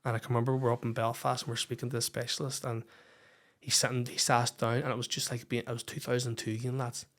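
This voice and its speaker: A man's voice: medium pitch, flat delivery, quick pace, a bit bright. Candid, swearing Northern Irish man. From Northern Ireland. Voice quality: swears freely, frank and candid. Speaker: podcast guest. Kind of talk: personal storytelling in a podcast interview.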